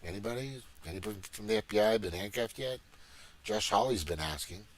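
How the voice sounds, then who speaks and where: A low-voiced middle-aged man ranting on his livestream, swearing freely and circling back over his points. His talk wanders and restarts, heated and agitated throughout. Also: lively intonation, a little fast. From Missouri, USA. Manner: profane, rambling, agitated. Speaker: livestream host. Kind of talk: casual political rant.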